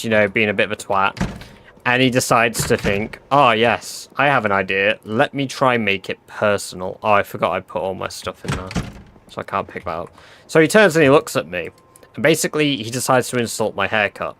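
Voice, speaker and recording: A man's voice: fairly low pitch, moderate pace, fairly bright tone, a little hiss or hum. A young man telling a casual story to his live stream viewers, chatty and full of fillers and swearing.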